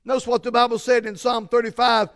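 A man's voice: very high voice, level tone, fast, fairly bright tone. A man preaching a sermon, emphatic and repetitive, with frequent restarts and building stress.

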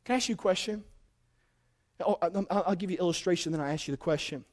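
A man's voice: sits high, fast, a little mellow. A young man preaching a sermon, telling a story with many restarts and building to emphatic points. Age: young adult.

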